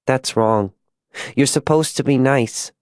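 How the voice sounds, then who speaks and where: A man voicing a six-year-old frontier girl who asks soft, childlike questions. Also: medium pitch, slow pace, no room sound, clean studio sound, natural voice. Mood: pleading.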